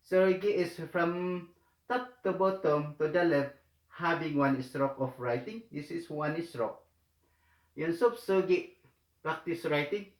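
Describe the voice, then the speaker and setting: A man teaching the Korean alphabet, speaking haltingly with many pauses and repeated words. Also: a little high. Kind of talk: hesitant spoken tutorial. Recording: echoey room.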